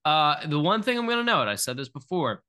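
A man's voice: a little high, big pitch swings, a little fast, pushed and bright, smooth. A young man co-hosting a sports podcast, talking casually, nervous and stammering, often repeating himself. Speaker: podcast co-host.

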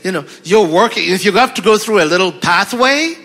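Lively African man teaching scripture. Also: sits high, brisk. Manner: lively storytelling, acts out voices, laughs often. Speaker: preacher. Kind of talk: animated conversational Bible teaching.

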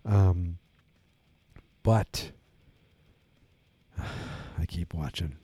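A man's voice: deep voice, very slow, dark tone, husky, no room sound. A tired man hosting his own wrestling talk show, rambling casually with many fillers and restarts. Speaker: wrestling podcast host. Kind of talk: casual solo commentary.

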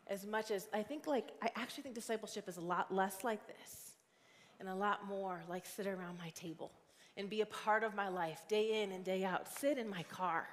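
Earnest woman preaching in a reverberant hall. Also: mid-range voice. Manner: conversational, earnest, heavy on fillers. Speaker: guest preacher and youth ministry leader. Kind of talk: sermon. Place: church sanctuary.

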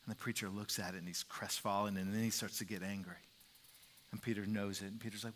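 A man's voice: fairly low pitch, fairly even intonation, fast talker, a bit bright. Emphatic male pastor preaching in a hall. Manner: emphatic, repeats key phrases, some restarts. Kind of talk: sermon.

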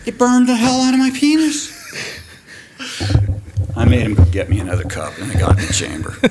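A man who directs a diving program, telling a profane, animated story during a podcast interview and laughing as he goes. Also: mid-range voice, normal speed, very noisy. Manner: animated, profane, laughs through his stories. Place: recorded on location at a college.

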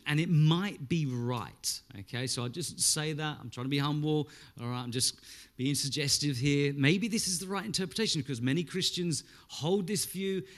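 A man in his thirties preaching a sermon, emphatic and conversational, with frequent restarts and rhetorical asides to the congregation. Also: fairly high pitch. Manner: emphatic, rising to loud stresses. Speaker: pastor.

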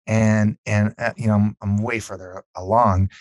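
A man's voice: fairly low pitch, moderate pace, no room sound. A storytelling male guest, dry sound. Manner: animated, acts out quotes, repeats words. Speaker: author and podcast guest. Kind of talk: casual storytelling interview.

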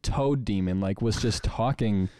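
A man's voice: on the low side, unhurried, warm tone, no room sound, clean studio sound. A young man from the American Midwest co-hosting a podcast, rambling through a story with restarts and swearing. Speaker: podcast co-host. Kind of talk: casual chat.

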